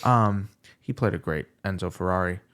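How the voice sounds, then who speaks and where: Low-voiced man telling a relaxed story. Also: moderate pace. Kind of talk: casual chat.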